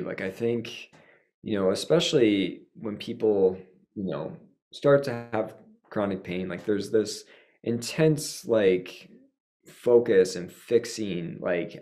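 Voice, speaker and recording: A man who practices pain therapy, answering a panel question in a halting way, full of "like" and "right?". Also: on the low side, a little mellow. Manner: halting, lots of "like" and "right?" fillers.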